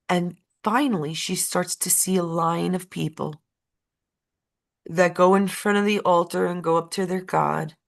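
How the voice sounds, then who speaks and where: A woman co-hosting a casual chat who tells a story with emotional repetition and an uneven pace. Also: lowish voice. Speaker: co-host.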